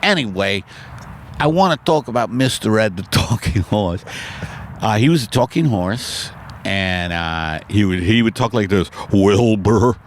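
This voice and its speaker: A man hosting a comedy podcast, rambling along in a deadpan way with loose tangents. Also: on the low side, unhurried, a little hiss or hum. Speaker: podcast host. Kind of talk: casual comedy chat.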